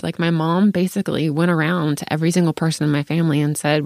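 A parent in their thirties talks openly in a casual podcast chat, frank and quick to swear or laugh. The voice has a gravelly fry to it. The sound is dry and close. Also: mid-range voice, flat delivery, darkish tone, no room sound. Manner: open and frank, swears freely, laughs between thoughts.

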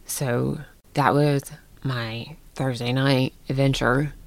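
A middle-aged woman telling a story in casual chat, animated and laughing often. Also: rumbling low, takes it slowly, no room sound.

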